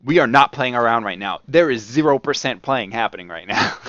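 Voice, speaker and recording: A man voicing a stern male store security lead who confronts a suspect loudly and repeats himself, on a dull, dry, lo-fi recording. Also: medium pitch, lively intonation, a little fast, no room sound, voice pushed up.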